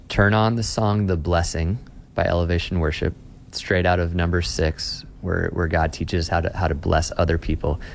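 A man's voice: deep voice, vocal fry, a little hiss or hum. A man being interviewed as a Christian author, speaking earnestly and emphatically about faith. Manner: earnest, emphatic, paraphrasing scripture. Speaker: author and guest.

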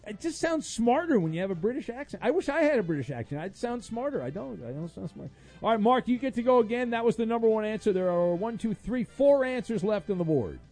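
High-voiced joking radio host. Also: male voice, very animated, quick pace, a little mellow, faint music behind. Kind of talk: radio call-in game show.

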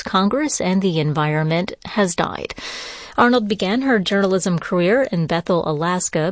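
A woman newscaster reading bulletin items in a measured, formal studio delivery. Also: lowish voice, no echo. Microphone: studio microphone.

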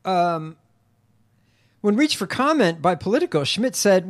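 This co-host has a medium-pitched, sing-song delivery, measured and broken by frequent pauses. Reading quotes and news items on the political talk show, the co-host occasionally trips on names and goes back to fix them.

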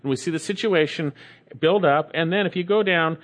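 A man's voice: a little high, fairly quick. A man preaching a sermon, reading scripture aloud and repeating key phrases for emphasis.

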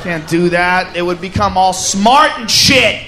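A man doing a loud, profane stand-up comedy set, often shouting and laughing. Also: high-pitched, unhurried. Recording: live club recording with crowd noise. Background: audience noise.

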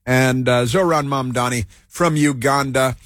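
A man's voice: mid-range voice, steady tone, a little slow, a bit bright, no room sound, studio quality. A man hosting a talk show, giving a rambling, combative political monologue full of fillers, restarts and repetition. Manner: rambling, repeats himself, many fillers and restarts; combative and mocking.

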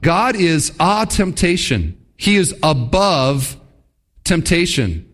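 A man's voice: a little high, big pitch swings, takes it slowly, fairly bright tone. A man preaching an expository sermon in a church hall, earnest and full of rhetorical questions. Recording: long hall reverb.

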